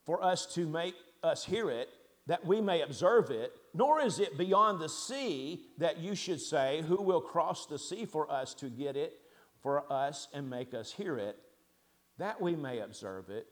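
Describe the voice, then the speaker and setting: A high-pitched man preaching a sermon from the pulpit. He presses his points hard with loud emphatic stresses, drops to quiet asides, and keeps asking his listeners rhetorical questions. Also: animated, unhurried. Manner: asks the congregation rhetorical questions. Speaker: pastor.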